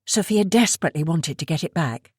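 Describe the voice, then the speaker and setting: A woman reading a thriller audiobook aloud in a steady storytelling way. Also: sits low, a little fast, slightly rough, no room sound, clean studio sound. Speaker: audiobook narrator. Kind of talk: scripted narration.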